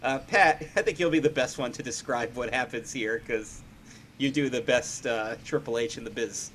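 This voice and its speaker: A man's voice: mid-range voice, normal speed, a bit bright. Man, casual co-host, recapping matches, easy laughs, faint hiss behind. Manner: runs through events, laughing often. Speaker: podcast co-host.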